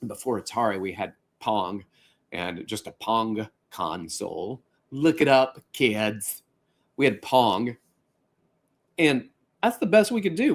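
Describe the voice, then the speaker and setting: Animated man hosting a fitness podcast. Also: medium pitch. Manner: animated, conversational, with playful asides. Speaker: podcast host. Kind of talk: casual podcast monologue.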